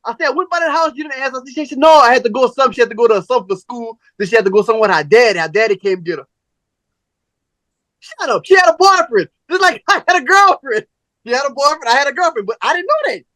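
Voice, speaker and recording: Man, podcast host, bright tense tone, dry close sound, animated, profane storytelling. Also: very high voice, fast, no echo. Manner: animated, profane storyteller, acts out both sides of conversations. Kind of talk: casual storytelling chat.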